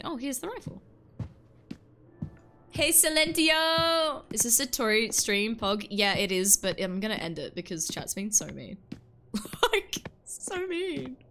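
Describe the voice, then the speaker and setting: Lively playful woman streamer in her twenties. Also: mid-range voice, creaky. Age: 20s. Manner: playful, teasing, laughs often. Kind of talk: casual gaming livestream chat.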